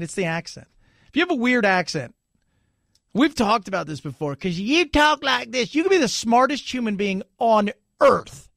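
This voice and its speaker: A man's voice: a little high, no room sound, studio quality. A man hosting a talk radio show, giving opinionated commentary and hammering points home by repeating them. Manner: emphatic, repeats points for effect. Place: radio studio. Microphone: studio microphone.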